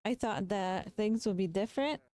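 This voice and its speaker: A woman's voice: medium pitch, moderate pace, darkish tone, dry recording, natural voice. A woman voicing a flustered new bride who defends herself in a hurt, defensive tone.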